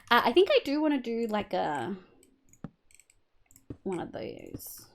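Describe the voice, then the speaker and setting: A woman's voice: medium pitch, sing-song, unhurried, vocal fry, a little hiss or hum. A young Australian woman streaming a building game, chatting casually, swearing freely and humming little sound effects as she works. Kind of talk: casual livestream chat while gaming.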